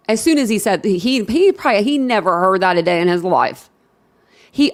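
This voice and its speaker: Woman host, casual livestream chatter, emphatic and animated, repeats herself for effect. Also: mid-range voice. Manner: laughing, animated, emphatic repetition.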